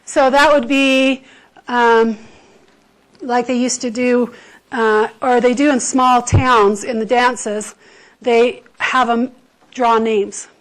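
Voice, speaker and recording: A woman's voice: fairly high pitch, fairly even intonation, slow pace, rough recording. A woman teacher giving a chemistry lecture to a class, explaining with everyday comparisons and checking in with "okay?". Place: high school classroom.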